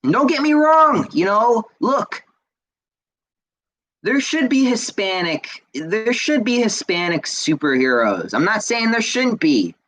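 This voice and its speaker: A man's voice: sits high, fairly bright tone, rough recording. Man ranting hotly, full of profanity. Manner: heated, profane, stammering repeats. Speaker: podcast host. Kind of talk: casual ranting podcast, reading viewer comments.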